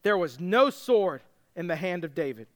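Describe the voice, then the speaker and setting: High-voiced animated male preacher. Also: normal speed. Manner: animated storytelling, acting out characters in casual voices. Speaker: pastor. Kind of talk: sermon.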